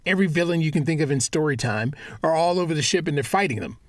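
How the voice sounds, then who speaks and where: A man co-hosting a podcast in casual chat, chatty and quick to laugh and agree. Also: a little high, lively intonation, no room sound. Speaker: podcast co-host.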